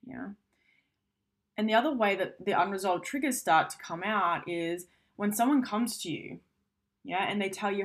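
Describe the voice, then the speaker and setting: A woman's voice: medium pitch, moderate pace, long pauses. A woman giving a casual self-help talk, speaking frankly and conversationally, swearing now and then.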